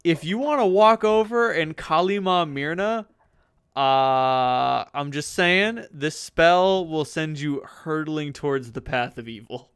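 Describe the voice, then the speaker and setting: A man's voice: fairly high pitch, expressive, slow pace, fairly bright tone, smooth, dry recording. A man running a tabletop game as game master, talking casually with profane dry jokes. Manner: casual, profane, dryly joking.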